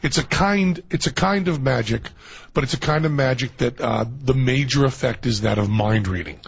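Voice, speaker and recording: A man's voice: medium pitch, moderate pace, vocal fry, slightly rough. A man hosting a radio talk show, chatty and joking with his guests. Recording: slightly dull radio broadcast.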